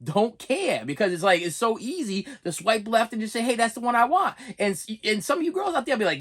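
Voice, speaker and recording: Fast-talking ranting man. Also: sits high, big pitch swings, a bit bright. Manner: exasperated ranting, stumbling restarts. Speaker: vlogger. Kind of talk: comedic rant and unboxing vlog.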